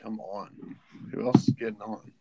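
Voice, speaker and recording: A man's voice: on the low side, steady tone, normal speed, mellow, no room sound. A man chatting on a podcast in short remarks, giggling at the others. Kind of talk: casual podcast chat.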